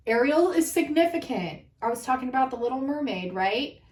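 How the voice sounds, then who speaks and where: A woman's voice: on the high side, animated, moderate pace, darkish tone, echoey room, far from the mic, a little hiss or hum, poor audio. A woman giving a casual spiritual card reading to her viewers, emotional and overwhelmed, swearing and laughing between cards. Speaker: tarot card reader.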